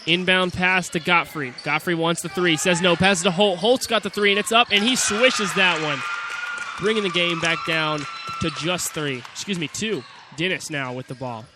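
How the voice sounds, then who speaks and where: Young male play-by-play announcer, slightly high voice, rapid clipped calls with shouted peaks, noisy gym. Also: a crowd in the background. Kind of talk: amateur basketball play-by-play commentary.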